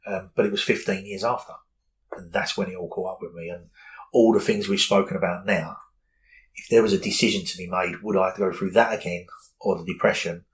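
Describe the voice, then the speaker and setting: A man's voice: low voice, steady tone, a little fast, rough recording. A man, speaking candidly and earnestly as an interview guest, often repeating words as he goes. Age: 40s.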